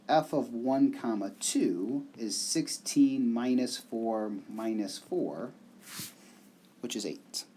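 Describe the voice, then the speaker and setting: Slow, animated male math lecturer. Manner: slow, explanatory, animated pitch with soft trailing ends.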